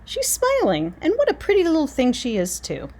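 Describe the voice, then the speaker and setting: A woman voicing a nervous grown man thief sidekick in a storybook, with a quivery voice that jumps high. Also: wildly swooping pitch, normal speed, a little mellow, full character voice. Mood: fond.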